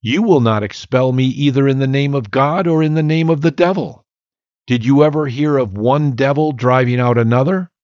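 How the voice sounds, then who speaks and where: A man's voice: lowish voice, slow pace, a little mellow, no echo. A man voicing a mocking, scornful male devil in a storybook reading, on a slightly muffled, dry recording. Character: mocking sneering male devil possessing a girl.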